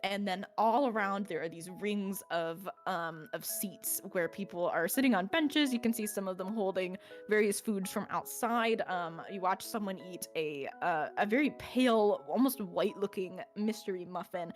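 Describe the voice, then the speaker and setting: A woman game master narrating a fantasy adventure in a mid-pitched voice. Her description is loose and conversational, full of "um"s and little laughs, with faint music playing behind. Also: moderate pace, hardly any pauses. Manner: descriptive, with frequent fillers and laughs. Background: faint background music.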